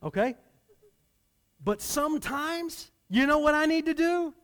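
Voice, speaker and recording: In an unhurried Sunday sermon full of long pauses, a pastor with a fairly high voice speaks to his congregation. His animated delivery moves from loud emphasis to hushed, low murmuring.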